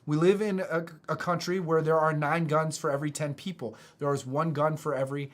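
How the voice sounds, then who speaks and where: Earnest halting American man speaker. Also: fairly high pitch, little pitch movement. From United States. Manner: halting, many restarts, earnest. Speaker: motivational speaker. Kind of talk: casual online talk.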